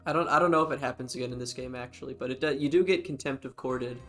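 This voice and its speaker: Man, game streamer, casual banter, rambling, giggly, middling pitch, faint music behind. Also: fast talker, fairly bright tone. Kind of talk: casual let's-play banter.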